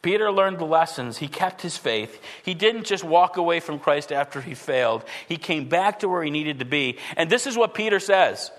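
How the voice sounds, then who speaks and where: High-voiced preaching man, in a reverberant hall. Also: expressive, normal speed, hardly any pauses. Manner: dynamic preaching, swinging from loud emphatic lines to hushed low ones. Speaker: pastor. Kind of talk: sermon.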